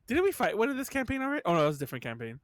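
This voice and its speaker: A man's voice: sits high, huge pitch swings, very fast, no echo. A man playing in a tabletop role-play game, playful and speaking in character. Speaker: player.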